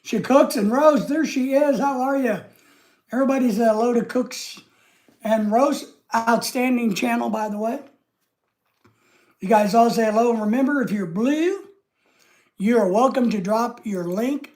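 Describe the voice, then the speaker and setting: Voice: medium pitch, measured pace. Rambling live-stream host. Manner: rambling, chatty, trailing off quietly. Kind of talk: casual live-stream chat.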